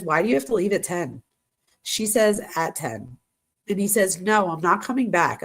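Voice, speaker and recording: Casual woman reading texts aloud. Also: medium pitch. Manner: casual, addresses viewers directly, reacts to what she reads. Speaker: true crime host.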